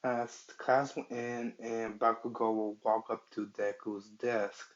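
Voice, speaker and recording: A man improvising a fan-fiction story, halting and searching for words as he goes, on a dull lo-fi recording. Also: on the low side, little pitch movement.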